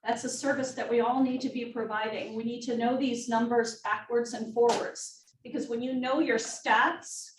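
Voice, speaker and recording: A woman's voice: on the high side, fairly even intonation, normal speed, few pauses. A woman running an office team meeting presentation, upbeat and making joking asides. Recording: roomy, distant mic, faint noise.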